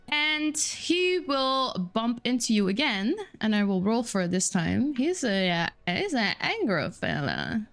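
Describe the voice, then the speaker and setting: A woman narrating as a tabletop game master in a chatty, descriptive way, with many pauses and fillers. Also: a little high, wildly swooping pitch, gravelly, a bit bright. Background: faint music.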